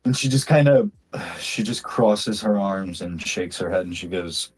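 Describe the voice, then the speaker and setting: A man's voice: low voice, animated, measured pace, slightly rough. A man narrating as game master in a casual, chatty way, often laughing.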